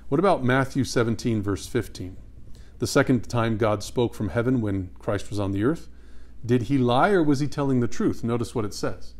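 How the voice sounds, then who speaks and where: A man teaching a Bible study. He reads scripture slowly and with emphasis and puts questions to his listeners. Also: medium pitch.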